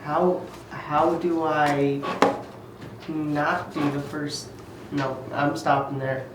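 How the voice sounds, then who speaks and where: A man playing a tabletop game, speaking haltingly and repeating words. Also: on the high side, little pitch movement. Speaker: player. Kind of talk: casual tabletop play. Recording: echoey room, distant mic, noise.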